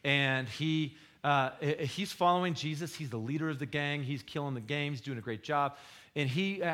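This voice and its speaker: A man preaching a sermon in a conversational, slangy way, swinging between loud bursts and hushed, low retellings of scripture. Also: normal speed. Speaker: pastor.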